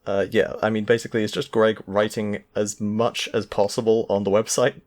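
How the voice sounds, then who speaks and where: Low-ish voiced guy recapping stuff on a podcast, laid back, lots of uh and little laughs. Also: flat delivery, moderate pace. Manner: easygoing, recaps the story with chuckles and filler. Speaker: podcast co-host. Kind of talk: casual podcast chat.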